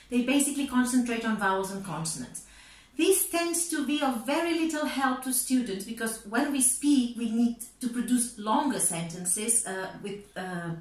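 Brief: female university lecturer, steady explanatory read, slightly high pitch. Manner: measured, explanatory. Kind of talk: scripted course presentation.

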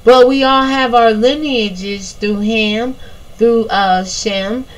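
A woman's voice: a little high, steady tone, takes it slowly, poor audio. A woman giving a casual Bible teaching, reading scripture aloud and explaining it, drawing out long lists of names.

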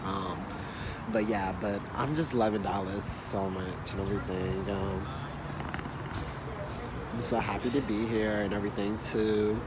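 A man's voice: fairly low pitch, fairly even intonation, measured pace, pauses often, very noisy. A young man talking casually to his vlog audience, rambling and padding his sentences with fillers. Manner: rambling, heavy on fillers like "and stuff". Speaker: vlogger.

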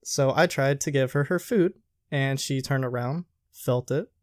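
A man's voice: mid-range voice, measured pace, no room sound, clean studio sound. A young man in casual chat, animatedly retelling stories from his restaurant job and acting out what people said. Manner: animated retelling, acts out quoted lines. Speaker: podcast host telling work stories.

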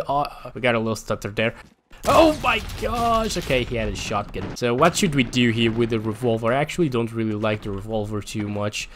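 Guy doing game commentary, pitch jumps all over, gets loud when frustrated, a bit of hiss behind. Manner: excitable, swings from mumbling to shouting in frustration. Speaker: gaming channel host. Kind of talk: live gameplay commentary.

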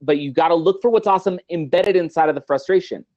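A middle-aged man appears as a guest on an interview show, talking fast in a voice on the high side, with muffled recording. He's animated and motivational, acting out little everyday scenes.

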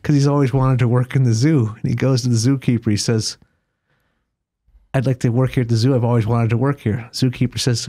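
A man, the guest of an interview, telling a long joke with animated character voices, then discussing philosophy. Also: mid-range voice, fast talker. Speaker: guest author. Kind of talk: conversational interview, storytelling jokes.

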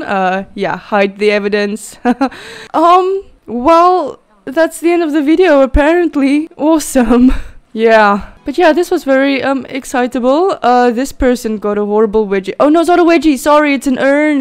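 A woman commentating on a chaotic life-sim game, gasping, laughing and exclaiming as she reacts. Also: high-pitched. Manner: excitable, gasping and exclaiming at the chaos. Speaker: gaming video creator. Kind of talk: let's play commentary. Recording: faint game music behind.

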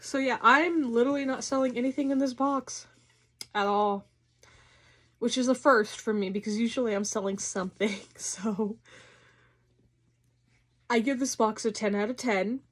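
A woman talks her viewers through an unboxing in a loose, chatty way. She gushes and gets excitable, tossing in the odd swear word. Her voice sits a little on the high side. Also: normal speed, pauses often. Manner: gushing and excitable, swears casually. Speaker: unboxing vlogger. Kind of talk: casual unboxing chat.

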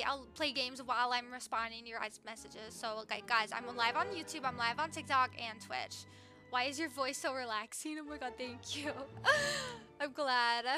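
A woman's voice: sits high, pushed and bright. A young woman live streaming a video game, chatting bubbly with her viewers and greeting them while she plays. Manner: bubbly, chatty, reads viewer comments aloud. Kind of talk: live gameplay stream chat.

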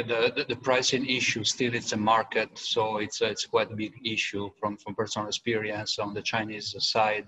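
A man's voice: fairly low pitch, sharp tone, low-quality recording. A man with an Italian accent moderating a webinar panel over a video call, reading out audience questions with some hesitation. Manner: hesitant, repeats words while reading questions.

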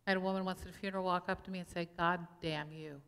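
A woman's voice: fairly low pitch, completely flat delivery, racing, clean tone. A woman pastor giving a conversational sermon, asking the congregation questions as she goes. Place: church sanctuary. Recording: long church reverb.

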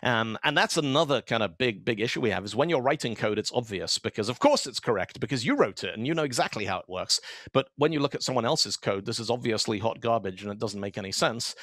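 A man's voice: medium pitch, quick pace, dry recording, clean studio sound. A man giving an online tech talk in a conversational way, telling stories and acting out the dialogue in them. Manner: animated storyteller who acts out quoted dialogue; conversational, with frequent fillers and asides. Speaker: conference speaker.

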